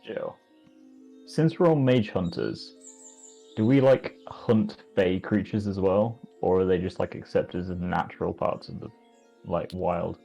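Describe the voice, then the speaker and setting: A man's voice: low voice, unhurried, gravelly, mellow, soft background music, low-quality recording. A man playing a tabletop game, asking casual, hesitant questions. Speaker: player.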